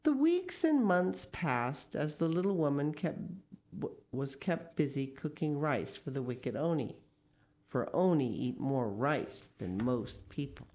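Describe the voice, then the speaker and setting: A woman reading a picture book aloud, expressive and unhurried, with small asides about the pictures. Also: deep voice. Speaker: storyteller.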